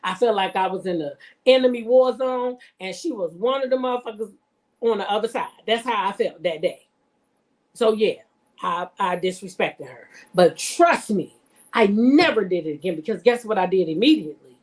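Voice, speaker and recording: This woman vlogger reacts to reality TV, speaking at a normal pace in a mid-range voice with lively intonation. She tells stories and comments bluntly, emphatically and with plenty of profanity, addressing her viewers directly.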